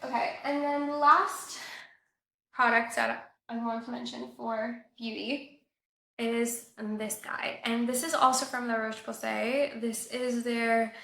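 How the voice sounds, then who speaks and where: A young woman from Colombia talks through a casual beauty review in a bright, fairly high voice with a gravelly edge. She drops "like" all through her sentences and sounds a touch nasal from a fading cold. The room around her is echoey. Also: steady tone, takes it slowly. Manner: chatty, says "like" often. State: recovering from a cold, a bit nasal. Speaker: beauty vlogger.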